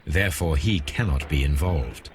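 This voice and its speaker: A calm deducing detective. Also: male voice, very deep voice, a little hiss or hum. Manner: measured, precise. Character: calm deducing male detective, middle-aged. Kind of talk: game voice acting.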